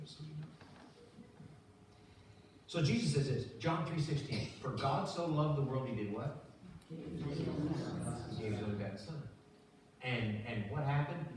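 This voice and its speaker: An older pastor with a mid-range voice delivers a conversational sermon in the sanctuary, telling stories animatedly and acting out the voices. The very echoey church is captured from a distance, with background noise.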